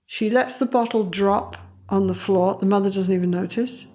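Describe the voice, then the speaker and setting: Animated woman psychologist telling stories. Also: medium pitch, normal speed. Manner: animated, acts out quoted voices, laughs often. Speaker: clinical psychologist guest. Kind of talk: conversational interview storytelling.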